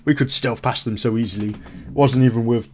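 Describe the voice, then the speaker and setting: A man's voice: mid-range voice, fairly even intonation, brisk, a little mellow, slight background noise. A man hosting a game video, chatting through his playthrough and laughing at his own slips. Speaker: gaming video host.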